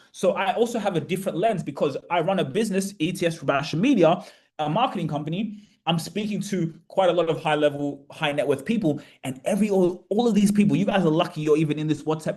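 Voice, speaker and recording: A man hosting an investment webinar, talking in a casual, animated and passionate way, now and then swearing. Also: a little high. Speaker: webinar host.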